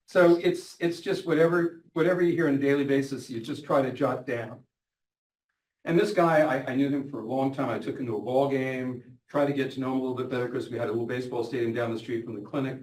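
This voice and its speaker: An older physician, telling anecdotes about patients and quoting them in lively voices. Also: male voice, medium pitch, quick pace. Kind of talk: storytelling talk. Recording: echoey room, from a distance.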